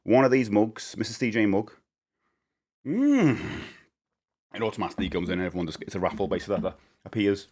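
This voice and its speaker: A man's voice: lowish voice, animated, fast talker, pauses often, a little mellow. A man chatting casually on a live game stream, jokey and talkative as he greets his chat by name. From England.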